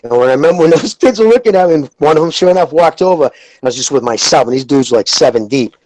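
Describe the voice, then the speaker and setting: A man, hosting a podcast and telling rambling, profane stories in a casual, animated way. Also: a little high, rapid-fire, dry recording, low-quality recording. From Lowell, Massachusetts. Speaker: podcast host. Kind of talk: casual chat, storytelling.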